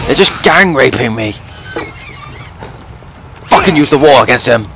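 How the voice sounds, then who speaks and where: Loud cursing young gamer man. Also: mid-range voice, lively intonation, a little slow, a little hiss or hum. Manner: loud, profane, yelling at the game. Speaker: gameplay commentator. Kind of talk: let's play commentary.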